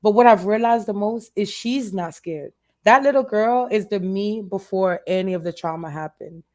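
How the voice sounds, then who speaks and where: A woman's voice: medium pitch, normal speed, darkish tone. A woman guest in a candid interview, talking earnestly and emotionally and repeating phrases for emphasis.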